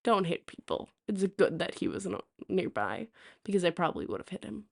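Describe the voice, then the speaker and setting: A woman's voice: on the low side, big pitch swings, a little fast, creaky. Chatty young woman streamer. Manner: chatty, many fillers and restarts. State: hiccups. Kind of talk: casual storytelling to chat.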